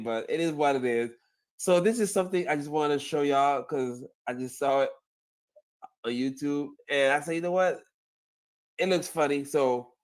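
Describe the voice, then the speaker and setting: A man hosting his own channel, chatting casually about sports and reacting to a clip, laughing often and repeating himself. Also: a little high. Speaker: channel host.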